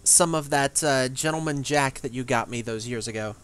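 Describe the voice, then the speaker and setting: A friend chatting casually on a gaming stream in a relaxed, rambling way. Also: medium pitch, moderate pace, slight background noise. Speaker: co-host friend.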